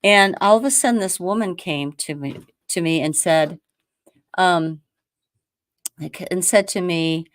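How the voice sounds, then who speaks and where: A woman from the United States hosting a show, telling a story in a lively casual way, acting out quotes with many restarts. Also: fairly low pitch, unhurried, long pauses, no room sound, clean studio sound. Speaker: host.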